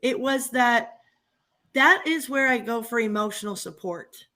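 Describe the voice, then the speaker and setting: A woman talks in a loose, animated way, venting about her day and laughing often. Her voice sits a bit high and sounds bright and forceful. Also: a little slow. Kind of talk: casual chat.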